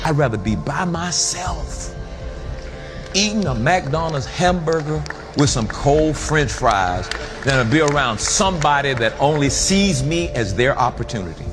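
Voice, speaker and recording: A man's voice: on the high side, lively intonation, a little slow. A man giving an earnest, preachy motivational speech. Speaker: motivational speaker. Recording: speech with music behind.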